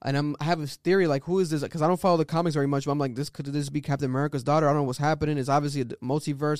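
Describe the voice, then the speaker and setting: A man's voice: medium pitch, darkish tone, smooth, no room sound, clean studio sound. A young man co-hosting a podcast, telling stories loosely and animatedly with lots of fillers. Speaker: podcast co-host. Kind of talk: casual chat.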